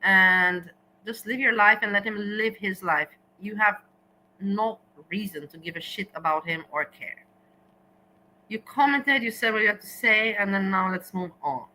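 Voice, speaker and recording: A woman's voice: medium pitch, measured pace, pushed and bright, slight background noise, low-quality recording. A woman hosting a casual livestream, talking straight to her viewers and slipping in German words. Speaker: livestream host.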